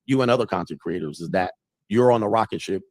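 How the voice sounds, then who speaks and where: A man's voice: fairly low pitch, fast, darkish tone, no room sound, studio quality. A man on a live call, talking directly and asking the guest pointed questions. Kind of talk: casual interview talk.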